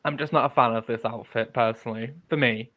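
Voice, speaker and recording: A man co-hosting a podcast in casual chat, chatty and playful, quick to correct the others. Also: medium pitch, steady tone, pushed and bright. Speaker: podcast co-host.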